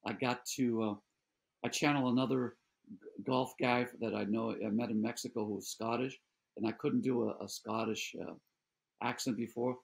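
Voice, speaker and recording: An older man, an actor talking as a guest in a casual interview, halting and often restarting his sentences. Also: medium pitch, steady tone, gravelly, slightly rough. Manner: halting, many restarts and repeated words.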